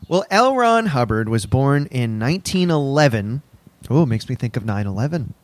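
Animated, laughing male podcast host. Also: medium pitch, normal speed, no room sound. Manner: animated, laughs often, jokey. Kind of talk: casual comedic chat.

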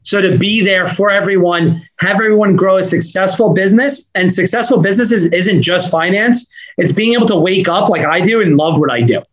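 A man with a Northeastern US accent talks fast and with energy as a podcast guest. His voice sits high, and his sentences run on into each other. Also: rough recording. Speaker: podcast guest, business owner. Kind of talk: fast casual interview talk.

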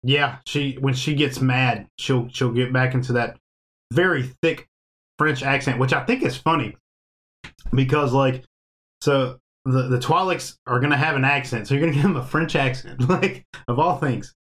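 A man's voice: medium pitch, moderate pace, fairly bright tone. A man hosting a casual podcast chat, talking in a loose, rambling way and laughing often. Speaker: podcast host.

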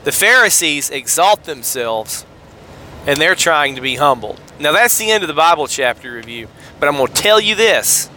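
A man's voice: on the high side, lively intonation, normal speed, bright, forceful tone, slight background noise. A man from Georgia, hosting a podcast and commenting on scripture in a fired-up, sarcastic way with rambling asides. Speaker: podcast host.

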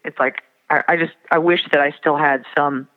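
A man from the Fargo area, a songwriter guest, talking reflectively with many pauses and fillers. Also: a little high, steady tone. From Fargo area, Minnesota. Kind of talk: casual interview. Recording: tinny phone line with long reverb.

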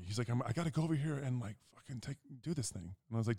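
A young man co-hosting a casual chat, telling a long story and acting out the quotes with big jumps in pitch. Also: animated, rapid-fire, hardly any pauses, darkish tone. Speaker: podcast co-host.

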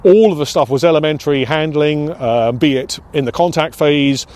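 In an oral history interview, an older British man from the United Kingdom, once a pilot instructor, looks back on his past, hesitating and restarting often. His voice is a little high and darkish in tone, and he speaks at a normal speed in a reflective manner.

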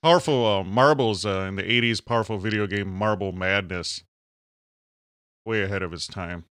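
A man's voice: lowish voice, moderate pace, fairly bright tone, clean tone, no room sound. Guy cohosting a podcast, goofy casual banter, dry close sound. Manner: jokey, drops into silly put-on voices. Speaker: podcast co-host. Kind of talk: casual comedic chat.

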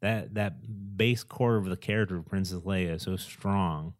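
A man's voice: low-pitched, fairly even intonation, normal speed, no echo, studio quality. A man co-hosting a casual chat, rambling with enthusiasm and acting out film quotes. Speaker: podcast co-host.

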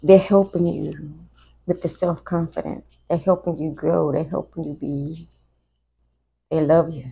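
A woman speaking in a slow, unhurried way, with a gravelly edge to her voice. She talks, giving a casual live tarot reading to her viewers, and she gets emotional as she goes. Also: deep voice, level tone, mellow, rough recording. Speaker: tarot reader.

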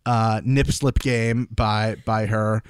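Animated, swearing male podcast co-host. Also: lowish voice, slow pace, clean tone, no room sound. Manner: animated storytelling, frequent swearing. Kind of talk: casual recap chat.

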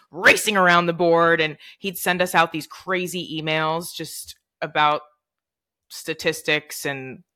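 A young woman co-hosting a podcast, talking in a lively casual way. Her voice sits low but has a bright, forceful ring, and she laughs often and breaks in with her own stories. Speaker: podcast co-host. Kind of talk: casual chat.

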